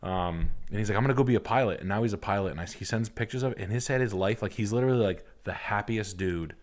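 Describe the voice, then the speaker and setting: A man's voice: fairly low pitch, fast. A young man hosting a livestream, talking casually and crudely in rambling comic riffs. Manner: crude, rambling, acts out goofy voices. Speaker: livestream host. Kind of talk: casual comedic chat.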